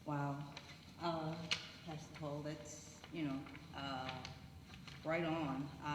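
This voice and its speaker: A woman's voice: low-pitched, fairly even intonation, takes it slowly, pauses often, noisy background. Woman, scientist panelist, chatty and proud, echoey hall, faint ambience. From Atlanta, USA. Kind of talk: panel self-introduction. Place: church hall.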